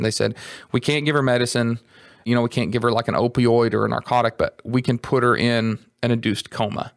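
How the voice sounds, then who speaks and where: A man hosting a podcast, retelling a painful family story in an earnest, halting way with many restarts. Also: mid-range voice, little pitch movement, no room sound, studio quality. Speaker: podcast host. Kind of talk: personal storytelling.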